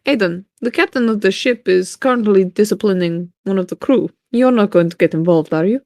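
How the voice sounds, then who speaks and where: A woman voicing a menacing male pirate captain who talks slowly, quietly and with cold threat in a tabletop role-play. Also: mid-range voice, no echo, studio quality, pitched below the performer's own voice, close to an everyday voice. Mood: coldly stern. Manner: slow, quiet, coldly threatening.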